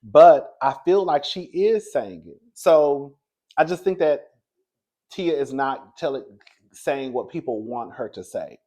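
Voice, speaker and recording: A man giving casual celebrity gossip commentary, chatty and sassy, calling his viewers "girl" and swinging from low murmurs to high excited bursts. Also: takes it slowly.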